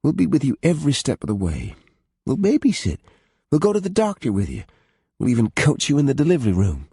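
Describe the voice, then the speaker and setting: A man voicing a gentle, tactful young woman friend in an audiobook, speaking in a reassuring way. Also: mid-range voice, wildly swooping pitch, fairly quick, husky, dry recording, clean studio sound, pitched above the performer's own voice, exaggerated voice. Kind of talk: audiobook character voice.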